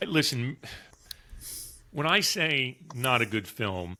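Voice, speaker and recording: A man's voice: mid-range voice, big pitch swings, takes it slowly, pushed and bright. A man co-hosting a sports podcast who gives candid, blunt opinions in casual chat. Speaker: podcast co-host.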